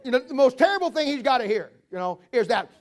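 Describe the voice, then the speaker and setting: High-voiced folksy preacher man. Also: sing-song, fast. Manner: folksy storytelling, laughs at own jokes, acts out voices. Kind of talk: humorous sermon.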